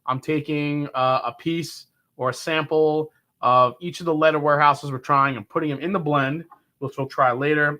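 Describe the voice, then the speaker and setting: A man's voice: a little high, a bit bright. A middle-aged man hosting a casual livestream tasting, talking enthusiastically and rambling as he reads viewers' comments aloud. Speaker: livestream whiskey reviewer.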